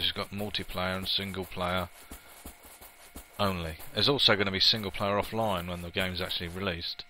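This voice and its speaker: A man giving casual, chatty commentary as he plays a game, opinionated and quick to laugh at himself. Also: low-pitched, sharp tone, a little hiss or hum, poor audio. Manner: chatty and opinionated, with frequent laughs and playful asides. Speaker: let's play gamer.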